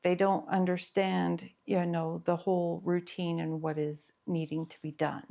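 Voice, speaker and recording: A middle-aged woman therapist speaks in a somewhat low voice. She explains parenting advice in an earnest, patient way, pausing with fillers as she thinks. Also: level tone, creaky, dark tone. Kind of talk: educational talk to camera.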